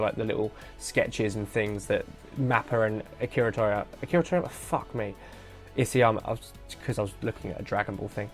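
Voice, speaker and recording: A man hosting a solo podcast, talking through an episode in a rambling, animated way, correcting himself and swearing casually. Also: fairly low pitch. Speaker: podcast host.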